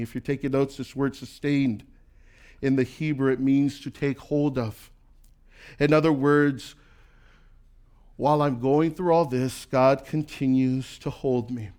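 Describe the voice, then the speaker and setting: A male pastor preaching a sermon in a conversational, animated way, acting out quoted voices and often repeating words as he builds a point. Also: mid-range voice.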